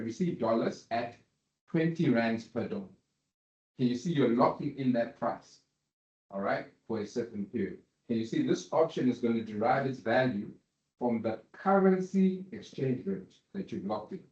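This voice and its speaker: A man with a mid-range, somewhat dark voice gives a university lecture in a lecture room, frequently stopping to ask whether the students are following. His questioning style keeps checking their understanding. The recording sounds roomy and dull, typical of a lecture hall.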